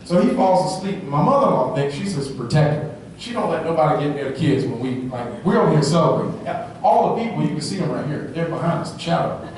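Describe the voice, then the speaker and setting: A man giving an energetic motivational talk at a live sales rally, telling stories and often asking the crowd "right?". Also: on the high side, fast talker, slight background noise. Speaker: motivational speaker. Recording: echoey hall, from far off.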